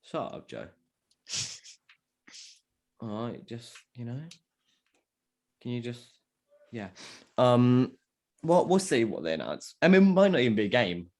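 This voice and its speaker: A young man hosts a casual podcast, bantering and teasing his co-host. His voice is lively, rising and falling a lot as he talks. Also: mid-range voice, unhurried, pauses often. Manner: joking, teasing, animated. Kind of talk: casual chat.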